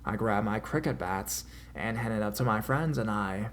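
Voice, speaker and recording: A man narrating a horror story as a scripted reading, dramatic, with his pitch and loudness swelling in the tense parts. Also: normal speed. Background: faint music.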